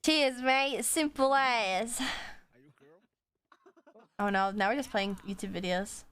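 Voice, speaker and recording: A woman's voice: medium pitch, takes it slowly, fairly bright tone, clean tone. A woman streamer chatting casually with her viewers while she draws, swearing freely and laughing often.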